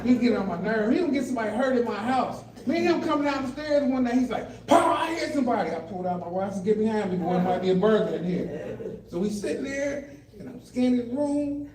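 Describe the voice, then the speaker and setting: A man's voice: very high voice, animated, fast. An older man doing a stand-up comedy set, telling family stories and acting out the voices of kids and of himself, with a live audience in the room. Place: adult day center, indoors, live audience. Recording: roomy live room, mic at a distance, crowd laughter.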